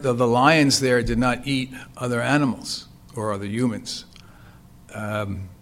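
A man's voice: mid-range voice, a bit bright. Man teaching from the Bible. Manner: reads passages, then explains with fillers and restarts. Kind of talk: reading scripture and commenting.

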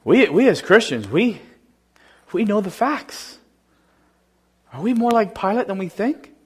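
A man's voice: high voice, very animated, measured pace, breathy edge. A man pastor preaching a conversational, emphatic sermon. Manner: conversational, emphatic, laughs often.

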